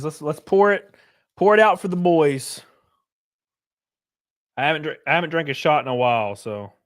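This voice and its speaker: A man chatting loosely on a live stream, swearing freely and thanking viewers by name. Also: medium pitch. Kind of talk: casual live-stream chat.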